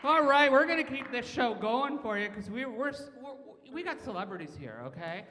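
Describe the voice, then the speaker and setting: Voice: medium pitch, expressive, normal speed, heavy background noise. A show host hyping up the crowd and introducing the next comedian on stage. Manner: hyped, shouting to the crowd. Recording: live room with long echo and crowd.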